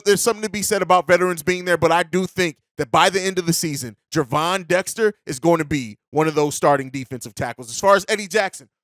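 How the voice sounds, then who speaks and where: A man hosting a sports podcast, talking casually and emphatically, getting loud and excited. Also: high-pitched, dry recording, clean studio sound. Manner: excitable, emphatic, swears for effect. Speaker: podcast host.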